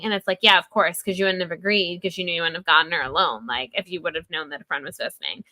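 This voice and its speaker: This woman co-hosts a podcast, talking fast with few pauses in a lowish, pushed, bright voice. Her chat about a book is casual and full of "like," and she retells scenes by quoting characters' lines.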